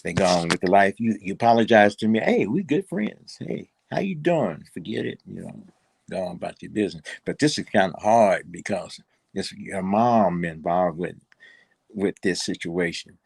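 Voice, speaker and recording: A man's voice: sits low, fairly even intonation, moderate pace, creaky, slightly rough, dry recording. An older man, a guest in a casual interview, rambling and repeating words with plenty of fillers.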